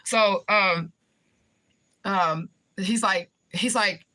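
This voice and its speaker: A woman's voice: mid-range voice, moderate pace, pushed and bright. A woman telling a personal story in casual talk, swearing freely, repeating points for emphasis and checking in with the listener. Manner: conversational, keeps checking in with the listener. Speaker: spiritual reader.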